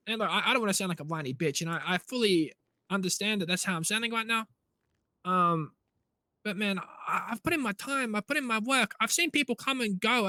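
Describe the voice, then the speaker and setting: A man with a bright, forceful voice plays a frustrated police cadet in a roleplay game. He rambles and stammers, recorded dry and close. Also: high-pitched, dry recording. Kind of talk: role-play game chat.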